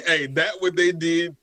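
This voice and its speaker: A man co-hosting a podcast, joking and animated in casual chat. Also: fairly high pitch, takes it slowly. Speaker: podcast co-host.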